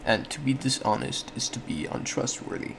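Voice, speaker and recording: A solo podcast host with a medium-pitched, creaky voice gives a casual explanatory monologue at a moderate pace, thinking aloud with frequent self-corrections and small laughs. There's a little hiss or hum in the recording.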